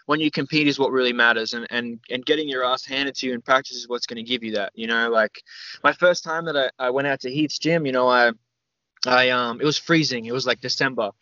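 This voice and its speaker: A young Australian man telling a long story as a podcast guest, rambling and animated, full of fillers and the odd swear word. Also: mid-range voice, brisk, no room sound, dull audio. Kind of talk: casual storytelling interview.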